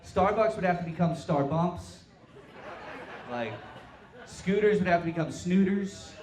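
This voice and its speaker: A young man from Tulsa performing a stand-up set with deadpan, self-mocking crude punchlines. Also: high voice, measured pace. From Tulsa, Oklahoma. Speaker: stand-up comic. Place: brewery comedy stage, live crowd. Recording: roomy live-venue sound.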